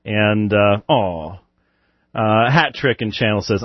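A man's voice: on the low side, takes it slowly, no room sound, muffled recording. A man hosting a live call-in show, chatting loosely with chuckles and answering Bible questions. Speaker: radio show host.

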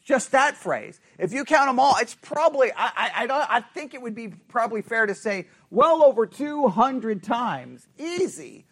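High-voiced man teaching a Bible study. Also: very animated, moderate pace, a bit bright. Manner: asks the group questions, repeats phrases for emphasis. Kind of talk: interactive Bible study lesson.

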